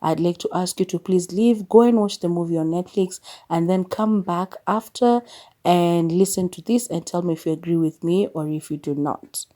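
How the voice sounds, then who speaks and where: Woman, podcast host, casual movie review, opinionated, somewhat low pitch. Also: normal speed, warm tone. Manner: chatty, opinionated, laughs often.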